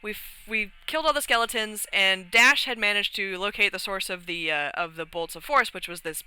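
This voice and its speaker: A woman's voice: medium pitch, a little fast, sharp tone, clean tone, low-quality recording. A woman host casually retelling her tabletop game session in a rambly way, laughing as she goes. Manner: rambly, many fillers and restarts, laughs while telling. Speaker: podcast host.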